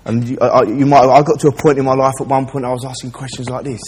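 Preacher in a reverberant church. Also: male voice, medium pitch, flat delivery, quick pace, darkish tone, breathy edge. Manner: chatty and direct, addresses listeners. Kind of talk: informal sermon with a joke.

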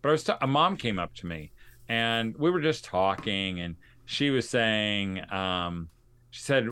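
A man's voice: on the low side, expressive, moderate pace, bright, forceful tone, smooth. A man hosting a podcast, telling stories in an earnest, conversational way to his listeners. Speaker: podcast host. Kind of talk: casual podcast monologue.

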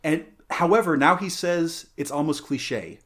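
A man's voice: a little high, a little slow, fairly bright tone. A man hosting a casual podcast chat, playful and rambling, with lots of fillers, self-corrections and side tangents. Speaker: podcast host.

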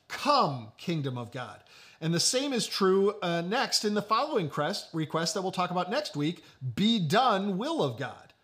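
Male preacher, high and animated voice, emphatic delivery with repeated phrases. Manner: emphatic, repeats key phrases, slows for stress. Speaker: pastor. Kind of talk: sermon.

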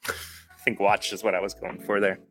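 This podcast host has a lowish, fairly bright voice that stays level at a moderate pace. Chatting casually with live viewers, he mentions being tired and tends to ramble and correct himself a lot.

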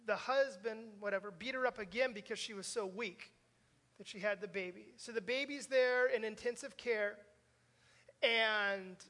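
A high, bright and forceful voice belongs to an older pastor earnestly telling stories in a conversational sermon addressed directly to his congregation. He's in a church sanctuary, and the long reverb of the hall is clearly heard.

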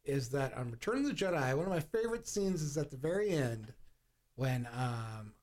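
Telling a story on the podcast he co-hosts, this man keeps things loose and lively, swearing a lot and acting out movie lines. He has a medium-pitched voice and a moderate pace.

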